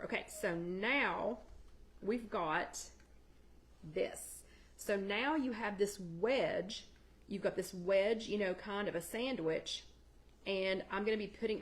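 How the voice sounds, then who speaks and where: A woman hosting a live chat, casually walking viewers through a recipe and answering their comments by name from her home kitchen. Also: medium pitch. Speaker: host of a live weight-loss chat. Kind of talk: casual cooking demo on a livestream.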